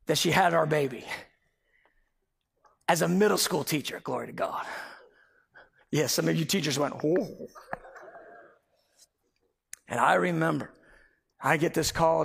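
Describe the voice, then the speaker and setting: A man preaching a sermon, emphatic and animated as he tells a personal story. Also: fairly high pitch, normal speed, creaky, long pauses, breathy edge. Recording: long hall reverb.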